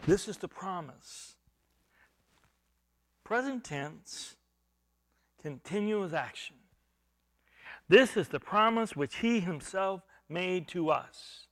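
A man preaching a verse-by-verse sermon, explaining grammar and repeating phrases for emphasis, swinging between loud stressed words and quiet, low asides. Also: animated, slow pace, pauses often. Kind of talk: expository sermon.

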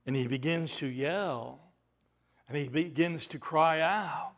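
A man preaching a sermon, asking rhetorical questions and swinging between loud emphasis and hushed asides. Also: on the high side, takes it slowly.

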